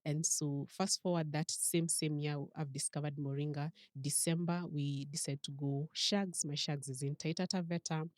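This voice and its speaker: A Kenyan woman, a podcast guest, telling a personal story with lively acted-out quotes. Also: deep voice, moderate pace, hardly any pauses, no echo. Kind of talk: storytelling interview.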